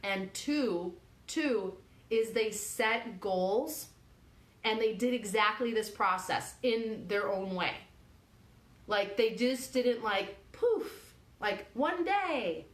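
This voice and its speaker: A woman's voice: a little high, lively intonation, takes it slowly, echoey room. A woman hosting a motivational radio show, talking casually and directly to her listeners, coaxing them with lots of "like" and "okay".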